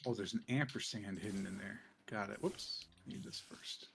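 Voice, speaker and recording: A man's voice: on the low side, moderate pace, creaky, background noise. A man streaming a game, chatting casually and muttering to himself as he crafts items. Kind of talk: casual gameplay chat.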